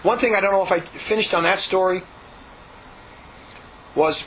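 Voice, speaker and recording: A man's voice: sits high, steady tone, moderate pace. A man telling a long story from his past in a casual, rambling and emphatic way, doing voices for the people he quotes. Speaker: interviewee recounting past. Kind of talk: casual spoken testimony. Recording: tinny phone-like audio with faint hiss.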